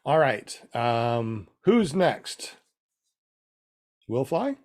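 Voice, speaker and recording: A man hosting a casual panel podcast, relaxed and quick to agree with his guests. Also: medium pitch. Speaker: podcast host.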